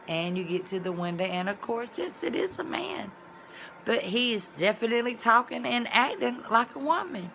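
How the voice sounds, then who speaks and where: A woman chatting straight to her viewers with a bright, forceful voice, spinning a rambling personal story. She talks loosely and conversationally and now and then bursts into loud exclamations. There is a faint noise behind her. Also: fairly high pitch, normal speed. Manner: animated, colloquial storytelling with sudden loud exclamations. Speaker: vlogger. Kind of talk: casual storytelling vlog.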